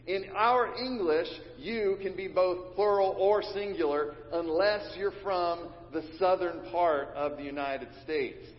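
In a church sanctuary, a pastor with a high-pitched voice preaches a sermon at a measured pace with few pauses, teaching and leading his congregation in call and response. The recording is dull, and the hall is reverberant.

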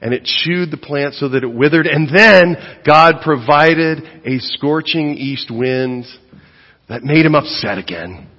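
A middle-aged man preaching a sermon as pastor, animated and conversational, swinging from loud emphasis to hushed asides. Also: a little high, measured pace. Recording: long reverb of a church hall.

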